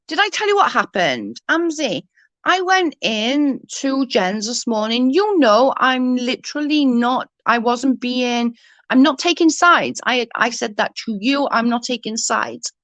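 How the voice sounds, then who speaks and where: A young woman vents in an angry, profane rant, tripping over her words as she restarts sentences. Her voice sits a little high. The sound is dry and close, with no room around it. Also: lively intonation, a little slow, a bit bright, no echo, lo-fi sound. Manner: angry, swearing, ranting with restarts. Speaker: livestream guest. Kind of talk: heated casual chat.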